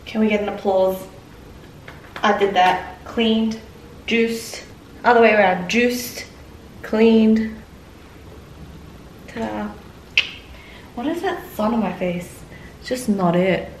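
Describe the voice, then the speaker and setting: A woman's voice: medium pitch, measured pace, long pauses. A young woman vlogging at home in her kitchen, talking candidly and giggling between thoughts. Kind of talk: casual vlog chat. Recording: echoey room.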